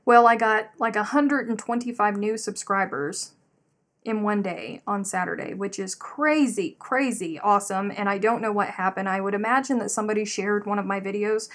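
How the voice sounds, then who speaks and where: A woman's voice: mid-range voice, moderate pace. Chatty woman livestreaming a craft session. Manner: animated storyteller, reads out chat comments. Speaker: livestream host. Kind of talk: casual chat while crocheting.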